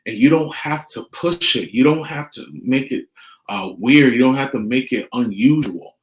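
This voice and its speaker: A man's voice: mid-range voice, normal speed. A middle-aged man vlogging family advice in an earnest, repetitive way, telling stories and acting out what people said. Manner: earnest, repeats key points, retells scenes with quoted dialogue. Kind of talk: casual monologue to camera. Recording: roomy echo.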